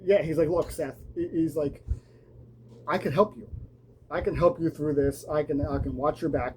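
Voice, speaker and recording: A man's voice: fairly high pitch, fairly even intonation, normal speed, darkish tone, slight background noise, low-quality recording. Man casually recapping a wrestling show. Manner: casual, lots of ums and restarts, acts out quotes.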